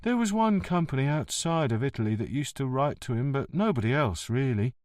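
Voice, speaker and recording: A man's voice: medium pitch, expressive, a little fast, a little mellow, dry recording, natural voice. A male narrator voices a humble, chatty postman in an audiobook. The voice is plain and eager and moves up and down a lot. It is recorded dry and close. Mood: helpful.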